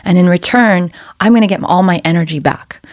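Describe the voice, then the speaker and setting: A woman talking as a guest in a casual chat, telling animated stories from her job as a flight attendant. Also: on the low side, fairly quick, no room sound, studio quality. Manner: animated, acts out voices in her anecdotes.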